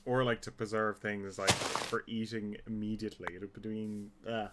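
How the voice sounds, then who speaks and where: A man's voice: lowish voice, level tone. Rambling Irish man on a noisy stream. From Ireland. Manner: rambling, halting, many fillers and restarts. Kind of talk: casual chat while gaming. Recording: loud background noise.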